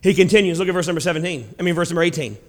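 High-pitched guy preaching a dramatic sermon, long church echo. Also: rapid-fire. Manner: dramatic, swings between loud and hushed.

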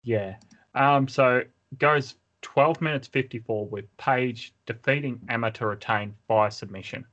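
A man's voice: medium pitch, unhurried, fairly bright tone, lo-fi sound. A man co-hosting a casual wrestling podcast, moving the talk along and asking questions. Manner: steers the talk, asks questions. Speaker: podcast co-host.

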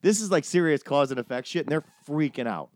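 A man's voice: on the high side, fast talker, no room sound. Profane storytelling man, dry close sound. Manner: animated, profane, acts out quoted people. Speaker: podcast host telling a story. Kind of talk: casual storytelling chat.

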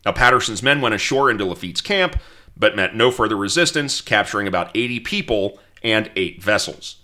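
Man, podcast host, history narration, wry asides, low pitch, bright voice. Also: lively intonation, fairly quick. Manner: storytelling, reads quotes aloud, wry asides.

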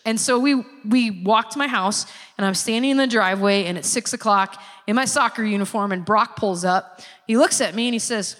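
A woman giving a sermon-style personal testimony, a lively storyteller who acts out the people she quotes. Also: mid-range voice, a little fast. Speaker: speaker giving a church testimony. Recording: long reverb of a large hall.

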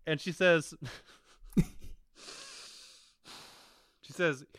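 A man's voice: fairly high pitch, moderate pace, bright, forceful tone, clean tone, dry recording, studio quality. A man co-hosting a podcast, chatting loosely about a show, laughing and swearing freely. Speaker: podcast co-host. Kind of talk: casual chat reviewing a show.

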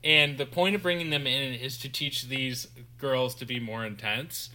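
A man's voice: mid-range voice, steady tone, normal speed, pushed and bright. A man co-hosting a podcast, casually recapping a film scene by scene. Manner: recaps scenes, quoting lines in put-on voices. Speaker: podcast co-host. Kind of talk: casual movie recap chat.

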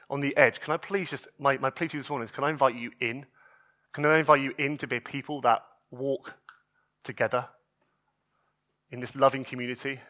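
Earnest man preaching brightly. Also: mid-range voice. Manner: earnest, pleading, often restarts phrases. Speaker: pastor. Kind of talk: sermon.

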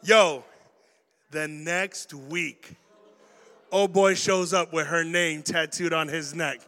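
A young man preaching an energetic youth sermon, telling stories in slang and swinging from loud bursts to hushed points. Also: fairly high pitch, slow pace, in a large hall. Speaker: youth pastor.

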